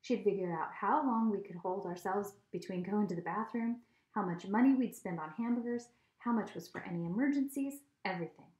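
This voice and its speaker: A woman's voice: mid-range voice, fairly quick. Woman reading a children's novel aloud. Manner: steady, expressive storytelling. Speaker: reader. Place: home. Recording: echoey room.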